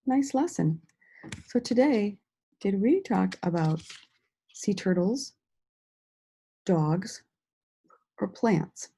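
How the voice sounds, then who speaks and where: A woman teacher giving a slow, sing-song lesson to young children, stretching out words and praising them often. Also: mid-range voice, animated, creaky, warm tone, husky, rough recording. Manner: encouraging, drawn-out words with frequent praise.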